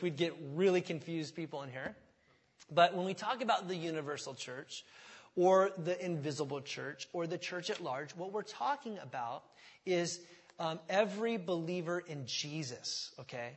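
A man's voice: on the high side, normal speed, fairly bright tone, slightly rough, long reverb tail. A man preaching a teaching sermon to his church. He talks in a conversational way, checking in with "okay?" and restarting his sentences. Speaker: pastor.

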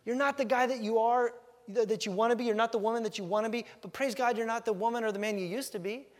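A man preaching a sermon as pastor, lively and acting out quoted thoughts with big jumps in voice. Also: fast talker, in a large hall. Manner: animated, acts out quotes with big pitch jumps.

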